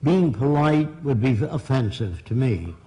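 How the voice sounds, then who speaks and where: Older man, blunt lecturer to a live audience, mellow tone, plain-spoken. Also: mid-range voice, lively intonation, measured pace, poor audio. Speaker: seminar speaker. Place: seminar room.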